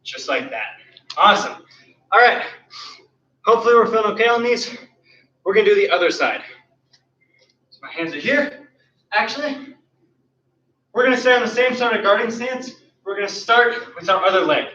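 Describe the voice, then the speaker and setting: A man's voice: high voice, expressive, moderate pace, long pauses, bright, forceful tone. A man teaching an online martial arts class, cueing and counting kicks as he demonstrates them, out of breath. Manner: counts and cues moves while demonstrating kicks. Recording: roomy, distant, dull sound.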